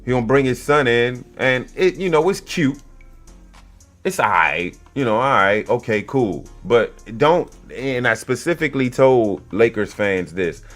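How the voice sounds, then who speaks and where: A man hosting a casual podcast monologue, a youth basketball coach telling stories in a blunt, profane, animated way. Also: medium pitch, a little slow, faint music behind.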